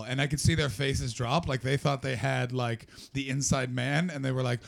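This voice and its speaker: A man doing stand-up comedy, telling a story to a live audience in an animated way, getting loud when acting out scenes. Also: medium pitch, normal speed, creaky, hardly any pauses.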